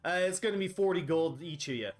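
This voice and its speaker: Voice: medium pitch, quick pace, lightly acted. A game master voicing a crude, mocking masked male rogue who curses and teases, with background music. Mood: scoffing. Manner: cursing, teasing.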